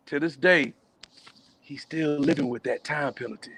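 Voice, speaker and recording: A man performing spoken word poetry at a virtual open mic, full of playful wordplay and swinging from low murmurs to raised shouts. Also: moderate pace, very noisy. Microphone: video call.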